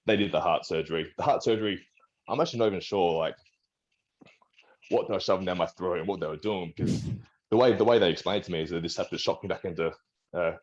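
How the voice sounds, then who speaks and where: A man's voice: low-pitched, quick pace, lo-fi sound. An Australian man, a strongman and trainer, chatting in an interview and rambling through a story while acting out what the doctors said. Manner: rambling, restarts, acts out quoted doctors. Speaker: guest, strongman and personal trainer. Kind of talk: casual interview talk.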